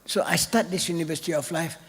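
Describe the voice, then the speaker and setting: An older man gives an off-the-cuff keynote in a large hall, his voice on the high side, quick, a bit bright and breathy, with long hall reverb. He's chatty and keeps checking in with the audience, often asking "right?"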